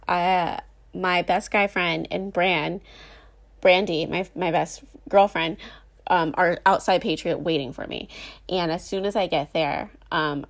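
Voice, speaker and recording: A young adult woman casually telling a dramatic personal story, animated and full of fillers. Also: fairly low pitch, creaky.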